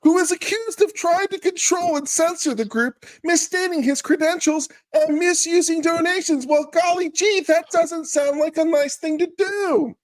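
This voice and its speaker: A man's voice: extremely high pitch, normal speed, few pauses, low-quality recording. A man putting on a prim, sugary-sweet, wide-eyed voice to read a court filing aloud, with mock-innocent sing-song asides.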